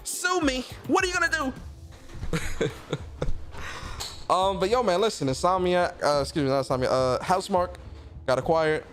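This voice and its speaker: A man hosting a gaming livestream, chatting in a loose, slangy, animated way. His voice sits a bit on the high side, and faint music plays under him. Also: moderate pace, pauses often. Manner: slangy and animated, reads out chat comments. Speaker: host of a gaming news stream. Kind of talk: casual livestream chat.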